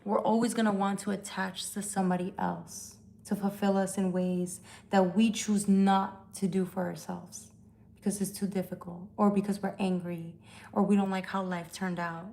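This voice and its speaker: A woman's voice: medium pitch, level tone, moderate pace, gravelly, darkish tone. Blunt, foul-mouthed woman tarot host. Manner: blunt, profane, confrontational. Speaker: tarot reader hosting a live stream. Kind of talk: casual live-stream chat. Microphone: phone.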